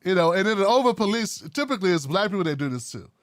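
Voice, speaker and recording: A man hosting his own commentary show, talking bluntly with wry asides in a casual, animated way. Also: high voice, racing, no room sound, studio quality. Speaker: political commentary host.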